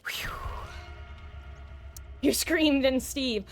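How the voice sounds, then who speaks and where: A woman's voice: medium pitch, slow, pauses often, dry recording. Chatty woman streamer rambling while gaming. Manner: chatty, rambling, animated with sudden shrieks. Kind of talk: casual live-stream chat while gaming.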